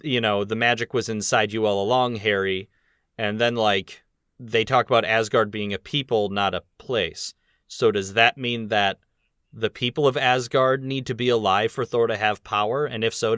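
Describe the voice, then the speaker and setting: A man's voice: fairly low pitch, fairly even intonation, fairly bright tone, smooth, dry recording, studio quality. A man hosting a podcast in casual chat, rambling and laughing easily between points. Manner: chatty, rambling, quick laughs. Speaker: podcast host.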